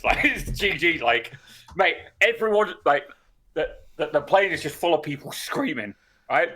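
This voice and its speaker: A man's voice: fairly high pitch, animated, moderate pace, bright, forceful tone. A man co-hosting a podcast, telling a story in casual chat, swearing and laughing often. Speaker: podcast co-host.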